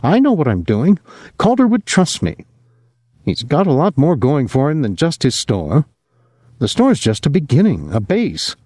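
A man playing a guarded young man who holds his ground and speaks with quiet, measured certainty. The tone is mellow and warm, with a lively rise and fall, recorded dry and close. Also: on the high side, breathy edge, dry recording, voice pushed up, heavily acted. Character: reserved young man, stubborn and calm.

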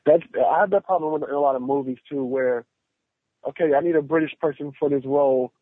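A man with a slightly higher voice gives emphatic, opinionated takes while hosting a casual chat. His voice comes through a narrow, tinny line that sounds like a phone. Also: a little fast, dry recording.

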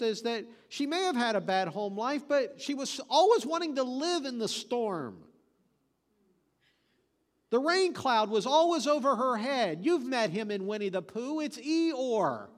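High-voiced preacher with folksy stories. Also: male voice, big-room sound. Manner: folksy storytelling with joke delivery; emphatic repetition. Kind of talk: sermon.

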